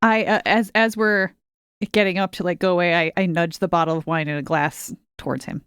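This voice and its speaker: A woman's voice: on the low side, steady tone, fairly quick, a bit bright, smooth, no room sound, studio quality. A woman playing a tabletop game, chattily describing what her character does. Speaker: player. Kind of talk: tabletop role-play.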